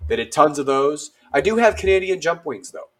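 A man's voice: a little high, a little fast. A man in his thirties, an army veteran guest, telling stories casually and acting out the lines of people in them, with many fillers. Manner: animated, acts out dialogue, lots of fillers. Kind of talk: casual storytelling.

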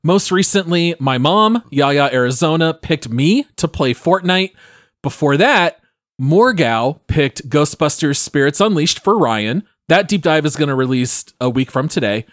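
Male podcast host, slightly high and very lively voice, jokey, plugging the show. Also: a little slow, no room sound, clean studio sound. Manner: jokey, runs the housekeeping and plugs. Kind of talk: casual podcast chat.

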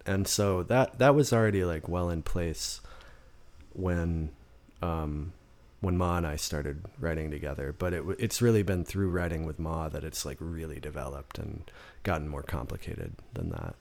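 Brief: low-voiced man, gravelly, rambling casual guest, restarts mid-thought. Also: lively intonation, moderate pace, darkish tone. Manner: rambling, restarts often, acts out quotes. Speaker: guest songwriter. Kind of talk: casual conversation. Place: in-person podcast studio.

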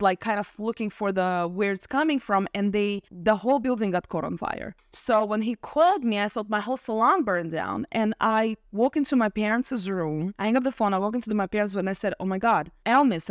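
A woman around forty, a podcast guest, telling her story in a lively chat and acting out quotes. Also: medium pitch, dry recording, studio quality. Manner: animated, acts out quotes with laughs. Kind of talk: casual storytelling interview.

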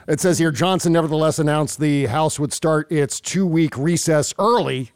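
Male podcast host, wry and sarcastic; slightly high voice. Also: normal speed, hardly any pauses, clean tone, dry recording, studio quality. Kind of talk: casual political commentary.

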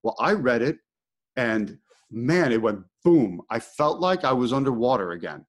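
A man's voice: mid-range voice, lively intonation, normal speed. A middle-aged man hosting a podcast, telling a personal story in casual conversation and acting out his own thoughts with animation. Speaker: podcast host.

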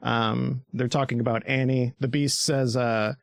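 A man's voice: medium pitch, flat delivery, measured pace, creaky, clear, resonant tone, no echo, studio quality. A man hosting a casual podcast, rambling and joking loosely, swearing freely. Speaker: podcast host.

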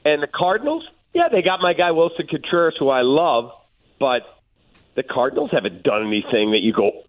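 A man on a thin, phone-like line argues his sports opinions with emphatic energy. His voice is fairly high and swings widely up and down as he makes his case. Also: sing-song, a little fast. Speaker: sports radio guest on the hotline.

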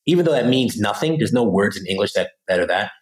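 A man with a fairly low voice talks as a podcast guest. He explains things casually and with energy, and he slips into little acted-out phrases to make his point. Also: fast talker, poor audio. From Pennsylvania, USA. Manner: animated, acts out phrases in other voices. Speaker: podcast guest, language teacher. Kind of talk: casual interview talk.

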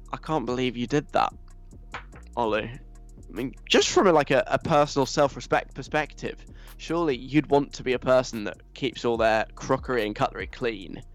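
A young man hosting a radio show, reading listener messages aloud and answering them in a teasing, mock-stern way. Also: mid-range voice. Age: young adult.

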